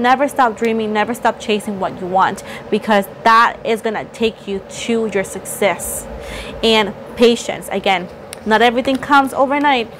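A woman's voice: a little high, background noise. Chatty, playful woman tarot reader. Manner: chatty, playful, teasing and excitable. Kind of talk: casual tarot reading to camera.

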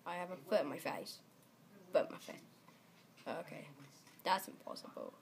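A young woman giving casual, excitable gameplay commentary, shrieking and laughing at on-screen mishaps. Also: on the low side, moderate pace. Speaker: gaming channel host.

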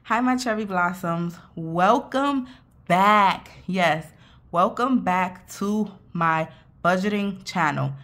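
A woman's voice: on the low side, slow pace, fairly bright tone. A young woman hosting a budgeting vlog, chatty and playful, speaking straight to her viewers and a little out of breath. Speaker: budgeting channel host. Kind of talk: casual vlog talk.

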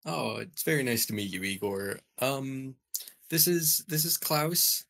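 Playful husky male player. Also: mid-range voice, animated, measured pace, a bit bright. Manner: playful, joking in character. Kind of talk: tabletop role-play.

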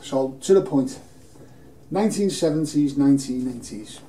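A man's voice: a little high, warm tone. A man speaking unscripted and emotionally in a film studio, rambling and earnest. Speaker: campaigner making an appeal video. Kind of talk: unscripted personal appeal. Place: film studio in front of a green screen. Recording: roomy, distant mic, faint hiss.

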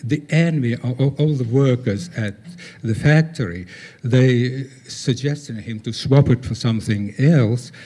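An older man gives a conference talk over slides, halting, with many pauses and fillers. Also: mid-range voice, mellow. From former Soviet Union. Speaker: guest speaker.

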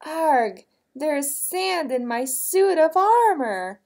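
A woman voicing a brave knight who sobs about sand in his armor, with a high, whiny wail. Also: big pitch swings, extremely slow, darkish tone, full character voice. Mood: sobbing.

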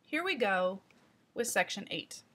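A woman teaching trainees in an instructional voice-over, explaining deliberately and speaking straight to the viewer. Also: medium pitch, big pitch swings, a bit bright.

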